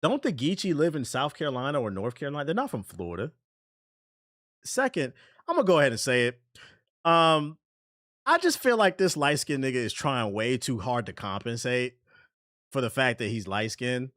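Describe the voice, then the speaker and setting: A male streamer reacts to music in blunt, incredulous casual chat and swears freely. His voice swings widely up and down in pitch. The sound is dry and close. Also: sing-song, moderate pace, a bit bright, no room sound.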